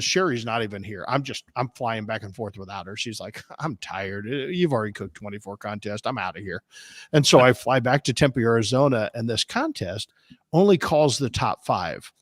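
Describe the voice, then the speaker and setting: A man's voice: mid-range voice, normal speed, dry recording, clean studio sound. A man from Des Moines, a barbecue competition cook, telling long rambling stories on a casual podcast. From Des Moines, Iowa, US. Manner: rambling, animated anecdotes with restarts.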